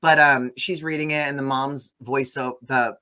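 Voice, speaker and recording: A man in his thirties hosting a casual movie review chat, retelling scenes in an animated way. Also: medium pitch, normal speed. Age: 30s. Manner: animated storytelling, acts out quoted lines. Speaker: movie review podcast host.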